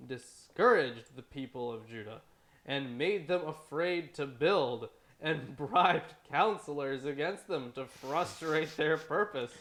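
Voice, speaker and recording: A man's voice: on the high side, lively intonation, takes it slowly, fairly bright tone. Wry, irreverent man reading scripture aloud. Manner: wry, irreverent, swears, stumbles over names. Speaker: podcast co-host reading scripture. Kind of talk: casual discussion and reading aloud.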